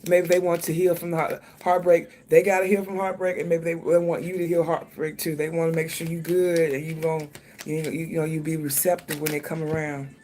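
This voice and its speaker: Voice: mid-range voice, level tone, a little fast, darkish tone, a little hiss or hum. A tarot reader giving a casual reading, thinking aloud, speaking straight to the viewer and swearing freely.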